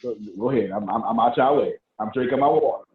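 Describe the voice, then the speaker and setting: A man's voice: medium pitch, fast talker, slightly rough, no echo. A man giving a fiery, preachy motivational talk on sales and money, emphatic with big swings in his voice. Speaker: business speaker. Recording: tinny phone-like audio.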